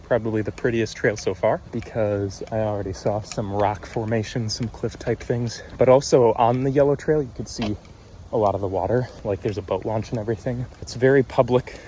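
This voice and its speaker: A man's voice: fairly low pitch, steady tone, brisk, warm tone, a little hiss or hum. A young man chatting upbeat and self-teasing in a casual hiking vlog, recorded on a handheld camera on a wooded trail outdoors. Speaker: vlogger.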